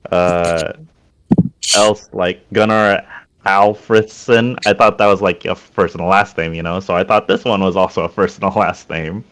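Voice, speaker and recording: A man's voice: sits low, steady tone, normal speed, fairly bright tone, a little hiss or hum. A man playing in a tabletop role-playing game, hesitant and rambling, full of fillers. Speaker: player. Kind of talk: casual tabletop game chat.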